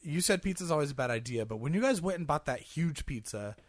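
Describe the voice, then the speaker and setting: A man's voice: a little high, expressive, fast, dry recording. Laughing, rambling podcast host man. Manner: laughs often, rambling with many "like"s. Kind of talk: casual chat.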